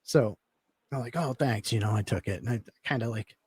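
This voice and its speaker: A man with a medium-pitched, slightly rough voice talks briskly as a podcast guest, with no room sound. He tells a long personal story in a laid-back, rambling way, filling it with lots of fillers.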